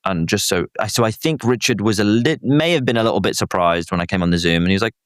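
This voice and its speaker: A young British man, a guest actor, chatting casually with animated, self-deprecating, rambling stories. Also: fairly low pitch, quick pace, no room sound, studio quality. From Britain. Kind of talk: casual chat.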